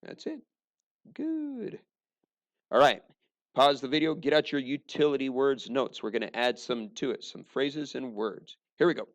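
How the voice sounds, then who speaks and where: A man's voice: medium pitch, steady tone, normal speed, lo-fi sound. A man teaching a recorded language lesson, mixing dry joking asides into the explanations.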